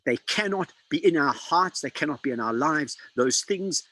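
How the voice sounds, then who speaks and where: A man preaching a sermon, dramatic and emphatic, quoting scripture with slow pauses. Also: fairly high pitch, lively intonation, pushed and bright, dry recording, rough recording.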